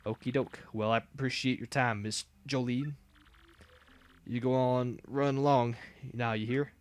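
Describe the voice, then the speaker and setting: A man's voice: mid-range voice, fairly even intonation, clear, resonant tone, lightly acted. Man doing a drawling country fight promoter. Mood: folksy. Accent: put-on American Southern drawl. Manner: slow, drawn-out country talk. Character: folksy drawling male fight-club promoter. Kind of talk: reading game dialogue aloud.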